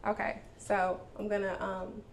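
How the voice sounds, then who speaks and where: A woman hosting a live spoken word event, talking casually and warmly to the crowd as y'all. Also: mid-range voice, completely flat delivery, unhurried. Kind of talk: live stage address to an audience. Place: indoor event venue. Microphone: handheld microphone. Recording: live event with clear background noise.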